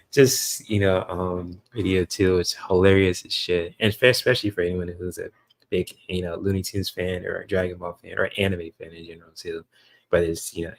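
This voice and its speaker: Livestream host, male: low and gravelly, relaxed rambling chat. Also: poor audio. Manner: laid-back, rambling, many fillers.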